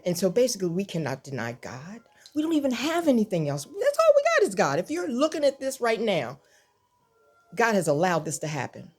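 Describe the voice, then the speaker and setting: Low-voiced older woman preaching. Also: darkish tone. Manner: impassioned and repetitive, rising to pleading cries. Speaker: online devotional host. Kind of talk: spoken devotional message.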